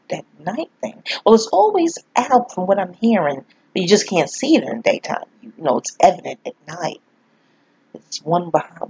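Husky New woman, rambling and candid. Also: lowish voice, a little mellow. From New York. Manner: candid, profane, rambling storyteller who laughs often. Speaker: astrology vlogger. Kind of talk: casual spoken monologue. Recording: dull lo-fi audio.

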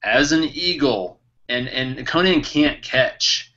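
A man chats about books with a bright, forceful edge to his voice. He retells the story eagerly and animatedly, and laughs often. The sound comes through a slightly muffled, lo-fi recording. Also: medium pitch, expressive, slow pace. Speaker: podcast co-host. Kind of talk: casual book discussion.

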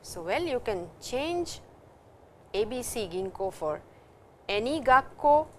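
A woman's voice: a little high, very animated, takes it slowly, fairly bright tone, a little hiss or hum. A woman with an Indian English accent teaching a recorded Japanese language lecture, reading example sentences and explaining them in English.

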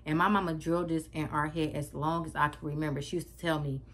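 A woman's voice: low voice, flat delivery, quick pace, hardly any pauses. Dramatic storytelling woman vlogger. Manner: dramatic, slangy, talks straight to viewers. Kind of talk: storytime vlog.

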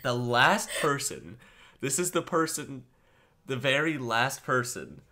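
Podcast co-host, male, bright forward tone, relaxed storyteller who laughs a lot. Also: mid-range voice, takes it slowly. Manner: laughs often, animated storytelling. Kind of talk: casual chat, storytelling.

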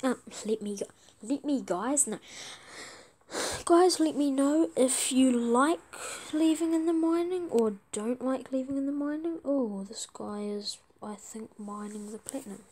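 A woman giving casual let's-play commentary, chatty and excitable, pleading with other players for trades. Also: high-pitched, a little slow. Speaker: gaming video creator.

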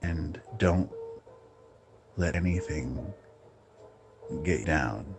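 Blunt deep-voiced man, gravelly. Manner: blunt, opinionated, halting with restarts. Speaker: channel host. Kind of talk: casual rambling monologue.

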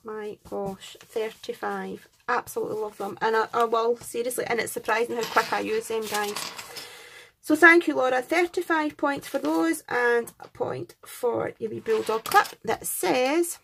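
A Scottish woman with a slightly high voice that has a gravelly edge, chatting casually as she unboxes craft supplies. She gushes and gets excited, counting each item aloud as she goes. Faint noise sits under her voice. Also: normal speed, few pauses. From Scotland. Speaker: craft channel host.

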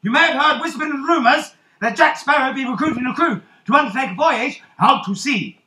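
A man's voice: extremely high pitch, a little fast, pushed and bright, reverberant. An actor playing a swaggering, rum-loving male pirate captain in a live children's stage show, teasing and calling out to the crowd. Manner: theatrical, teasing, calls out to the crowd. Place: theatre stage.

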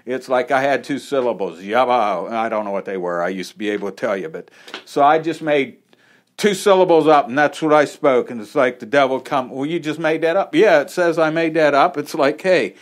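A man's voice: mid-range voice, lively intonation, brisk. A man preaching an informal, conversational sermon in a small church, with folksy asides. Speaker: pastor.

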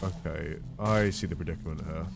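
A man commentating a horror game playthrough, swinging from quiet muttering to panicked shouts. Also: low-pitched, fairly even intonation, a little fast, gravelly, over music. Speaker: gaming video host.

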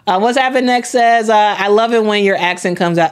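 A woman's voice: mid-range voice, fairly quick. A young woman hosting a sports live stream, chatting casually, reading chat comments aloud, often repeating herself with plenty of fillers.

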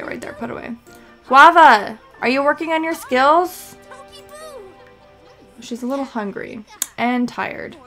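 A woman's voice: on the high side, creaky. Chatty young woman narrating her gameplay. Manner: chatty, scattered, bossing her game characters around. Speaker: let's play host. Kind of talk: casual gameplay commentary.

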